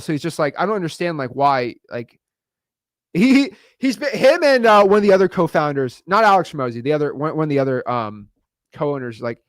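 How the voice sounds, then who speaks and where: Male coach, a bit high-pitched, punchy slangy delivery, dry close sound. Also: lively intonation, dry recording. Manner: fast, emphatic, slangy, repeats words for emphasis. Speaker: real estate wholesaling coach. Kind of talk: energetic coaching video lesson.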